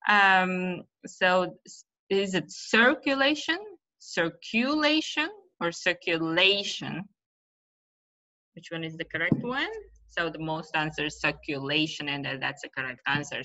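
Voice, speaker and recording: A woman's voice: sits low, sharp tone. A woman giving an online teacher-training lesson, hesitant with many fillers and often checking "right?". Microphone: video call. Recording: dull lo-fi webinar audio.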